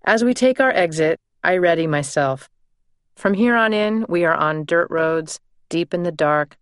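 A woman narrating her own memoir in a measured, deliberate first-person reading. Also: sits low, clean tone, no echo, studio quality.

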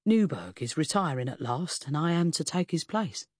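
A woman reading an audiobook, voicing an anxious, earnest middle-aged male police inspector who speaks low, halting and solemn. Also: expressive, darkish tone, slightly rough, no echo, clean studio sound. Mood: earnest, tender. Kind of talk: audiobook character voice.

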